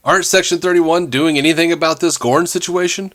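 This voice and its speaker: A man's voice: fairly high pitch, fairly bright tone. A man co-hosting a podcast, reading out listener messages and chatting casually with jokes and laughter. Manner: laughing, joking, reads listener messages aloud. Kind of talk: casual chat.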